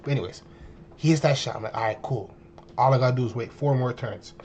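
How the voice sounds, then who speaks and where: A man in his twenties telling a story to his viewers in a casual, animated way, full of slang and exaggeration. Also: medium pitch, fast talker, lo-fi sound. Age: 20s. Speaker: streamer.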